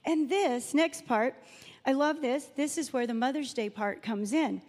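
Unhurried and a little mellow, her voice sits high. The middle-aged woman is a guest preacher at a church Mother's Day service, sharing personal stories and reading from the Bible in a chatty sermon, with the hall's reverb audible throughout.

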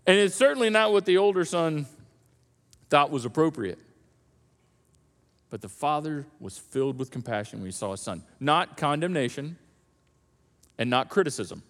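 A man delivers a sermon in a high-pitched voice. He keeps it conversational and animated, like he's telling a story. The sound carries a long reverb from a church hall. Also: normal speed, pauses often. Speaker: pastor. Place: church auditorium.

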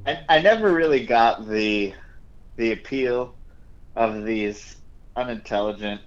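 A man's voice: medium pitch, measured pace. A man chatting casually as a podcast guest, laid-back and teasing, laughing often. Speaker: podcast guest, snake breeder. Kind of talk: casual chat. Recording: dull lo-fi remote audio.

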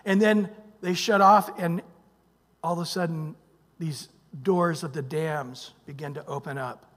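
A male pastor preaching a sermon, emphatic, swinging from loud bursts to hushed near-whispers and prompting the congregation with "what?". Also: on the high side, fairly even intonation, measured pace, long reverb tail. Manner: emphatic, calls out "what?" for the congregation to fill in verses. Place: church sanctuary.

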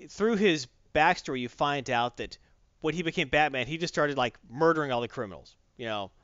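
A man chatting casually as he retells a comic story, rambling and full of fillers. His voice sits a little high and swings widely in pitch. The sound is dry and slightly dull. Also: fairly quick, clean tone, no room sound. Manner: rambling, animated, heavy on fillers.

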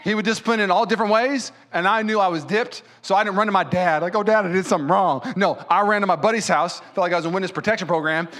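Male pastor, high voice, animated sermon storyteller in a church. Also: fast, hardly any pauses. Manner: animated storyteller who acts out quotes.

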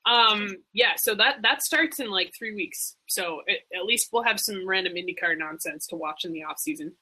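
A woman co-hosting a podcast in casual, animated chat, full of "like" and "um". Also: mid-range voice, normal speed, slightly rough, poor audio. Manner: chatty, animated, fond of "like" and "um". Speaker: podcast co-host.

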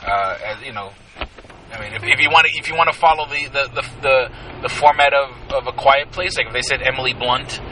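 A man co-hosting a casual podcast, rambling and halting, with lots of laughter between lines. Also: mid-range voice, far from the mic, crowd noise, low-quality recording. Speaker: podcast co-host. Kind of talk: casual banter.

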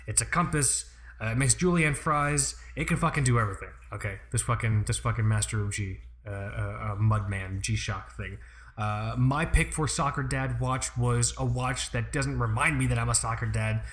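A man in his thirties hosting a podcast in a casual, rambling chat, full of swearing and quick asides. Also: mid-range voice, fairly bright tone. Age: 30s. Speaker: podcast host.

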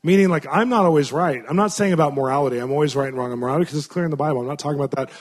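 In rapid-fire delivery and a higher-pitched voice, a man shares a story during his sermon. The pastor sounds earnest and conversational, often filling pauses and restarting his sentences as he addresses the congregation.

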